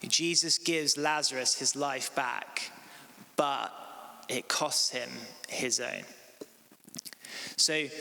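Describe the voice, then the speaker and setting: A preacher in his thirties gives a sermon in a church hall, speaking casually and filling it with frequent "like" and "um." His medium-pitched voice sounds pushed and bright, with the long reverb of the hall around it.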